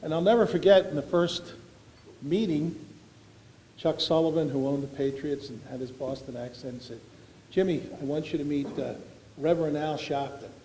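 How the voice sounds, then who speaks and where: A man's voice: a little high, normal speed, dark tone, slight background noise. A man, giving an after-dinner award speech full of folksy, self-deprecating anecdotes. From Philadelphia. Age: 70s. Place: large banquet hall. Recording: echoey banquet hall recording.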